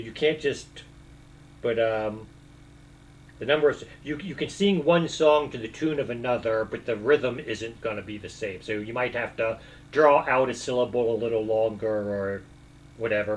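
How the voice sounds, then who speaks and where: A man's voice: medium pitch, low-quality recording. A man rambling casually as a video host, hesitating often with fillers and restarts, and now and then breaking into short bits of song.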